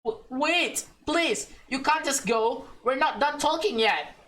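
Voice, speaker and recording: A woman's voice: sits high, animated, takes it slowly, a bit bright, full character voice. Woman reading as a stammering, pleading young woman.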